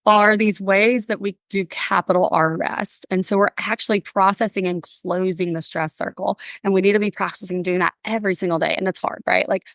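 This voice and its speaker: A woman guest on a podcast, bubbly and animated, telling stories and acting out little voices in casual interview chat. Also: mid-range voice, brisk, gravelly, few pauses, no echo, studio quality. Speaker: podcast guest, workplace wellbeing speaker.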